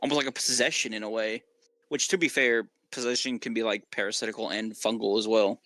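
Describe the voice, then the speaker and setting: A man's voice: fairly low pitch, steady tone, fairly quick, fairly bright tone, no room sound, soft background music. Man with a Southern drawl, rambling. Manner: rambling, many fillers and restarts. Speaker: co-host. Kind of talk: casual gaming lore chat.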